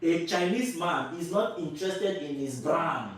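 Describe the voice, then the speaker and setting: A Nigerian man speaking his mind to camera with a fairly high voice, pressing his points with repetition and rhetorical questions. His voice booms around a very echoey room, picked up from a little way off the mic. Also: animated, measured pace, far from the mic. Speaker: vlogger. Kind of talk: opinionated commentary to camera.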